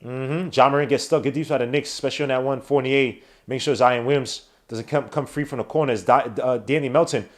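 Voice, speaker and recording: A man hosting a live watch-along podcast, calling the basketball game play by play with slangy, excitable talk that breaks into shouts at big plays. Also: mid-range voice, fast talker, few pauses. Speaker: podcast host doing play-by-play.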